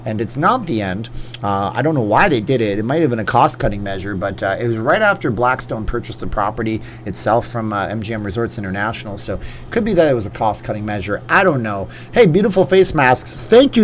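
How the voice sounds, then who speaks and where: A man's voice: lowish voice, a little hiss or hum. A man in his forties hosting a live chat Q&A from a green screen setup, reading viewer comments aloud and riffing on them in a loose, chatty way. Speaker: livestream host.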